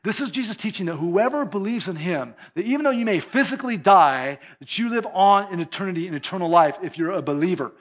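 High-voiced animated preaching man. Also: quick pace, hardly any pauses. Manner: animated, conversational preaching with chuckles. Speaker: pastor. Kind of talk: sermon.

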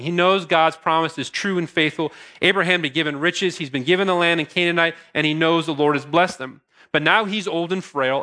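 A man's voice: on the high side, pushed and bright. A middle-aged man preaching a sermon as pastor, earnest with casual asides and restarts.

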